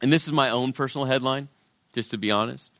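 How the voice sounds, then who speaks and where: A middle-aged man preaches with real dynamics, rising to loud, emphatic points and then falling to near hushes. His voice sits at an ordinary male pitch. The sound is dry and close, with no room echo. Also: fast talker. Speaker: pastor. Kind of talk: sermon.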